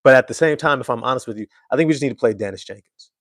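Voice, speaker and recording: A man's voice: medium pitch, rapid-fire, fairly bright tone, no echo, studio quality. A man hosting casual live-stream sports commentary, emphatic and slangy, repeating his points.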